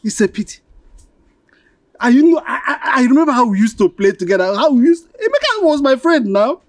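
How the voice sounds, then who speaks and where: An actor with a Nigerian accent playing a man consoling a grieving widow, speaking in a halting way and often repeating himself. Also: extremely high pitch, big pitch swings, dry recording. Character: sympathetic male childhood friend consoling a widow.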